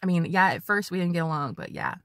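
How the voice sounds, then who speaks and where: A woman tarot reader giving a casual spiritual reading, chatty and animated, swearing freely as she talks to her viewers. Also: on the low side, fast, no room sound, studio quality.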